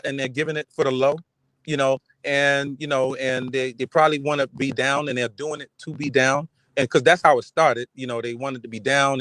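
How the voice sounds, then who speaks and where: New York man hosting a casual livestream, streetwise and emphatic, higher pitch, dry mic. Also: a bit bright, no room sound, low-quality recording. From the Bronx, New York. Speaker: livestream host reading chat.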